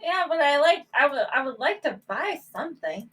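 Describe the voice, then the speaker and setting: A woman playing a tabletop game, talking casually and deadpan. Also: high voice, moderate pace, far from the mic, poor audio. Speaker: player.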